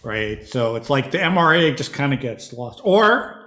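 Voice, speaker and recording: A man's voice: medium pitch, sing-song, moderate pace, pushed and bright, roomy sound. A man performing at an online open mic, singing with guitar and then chatting casually in a joking, rambling way over a video call. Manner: joking, rambling with many fillers.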